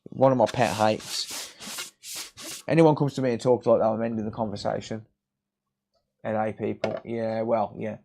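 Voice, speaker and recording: A man's voice: lowish voice, fairly even intonation, measured pace, creaky, pauses often, warm tone, slight background noise. A man chatting casually on a live repair stream, blunt and sweary, joking and ranting as he works. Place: repair workbench.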